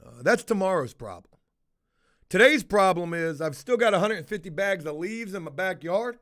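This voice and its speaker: A man with a high-pitched voice chats loosely on a livestream and reacts to viewers' comments. He rambles from one gripe to the next and swears freely, with a blunt, unfiltered delivery. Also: animated, normal speed, a bit bright. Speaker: livestream host reading chat. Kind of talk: casual livestream chat.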